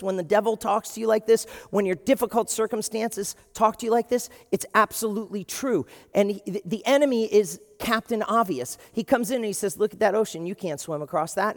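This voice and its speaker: A man preaching a sermon in an animated way, acting out the voices of the people he quotes. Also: high voice, in a large hall. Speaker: pastor.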